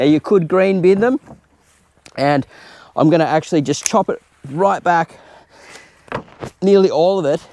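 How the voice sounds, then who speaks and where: A man's voice: on the high side, a little mellow, slight background noise. An Australian man chatting informally while working in his garden, explaining as he goes in a casual gardening tutorial. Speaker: home gardener host. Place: outdoor home garden.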